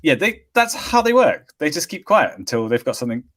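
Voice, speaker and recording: Lively, laughing male podcast co-host. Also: on the high side, a little fast. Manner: laughs often, rambling and animated. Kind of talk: casual chat. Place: hotel room.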